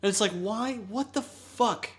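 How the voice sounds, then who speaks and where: A man's voice: sits high, unhurried. A man talking in a casual podcast chat, explaining a news story earnestly and with disbelief.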